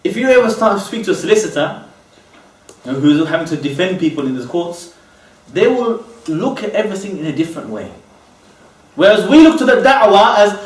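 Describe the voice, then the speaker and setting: Brief: male lecturer with a high voice who restates each point and checks in often, miked from a distance in a roomy space. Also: expressive, a little fast. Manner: keeps asking "okay?" and rhetorical questions; repeats and restates terms. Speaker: Islamic lecturer. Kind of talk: religious lecture. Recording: echoey room, voice from far off.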